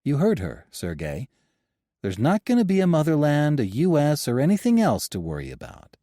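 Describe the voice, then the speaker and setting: An earnest young recruit, anxious and pleading, as a man voices him. His pitch moves in a lively way, rising when pressed. The tone stays dark and close. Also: moderate pace, no echo. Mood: anxious, urgent. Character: nervous young male recruit.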